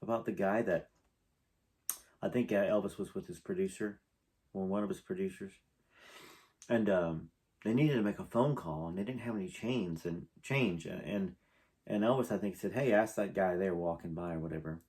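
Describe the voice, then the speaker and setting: Lowish-voiced male host reading a memoir, chatty asides, easily moved. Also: moderate pace, long pauses, a little mellow. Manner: conversational, rambling, emotional asides. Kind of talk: reading a memoir aloud with commentary.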